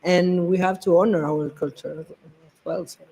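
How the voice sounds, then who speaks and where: Guest: woman, Latin American Spanish accent, lowish voice, reflective and measured. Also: steady tone, dark tone, slightly rough, poor audio. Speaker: podcast guest. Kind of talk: live conversational podcast.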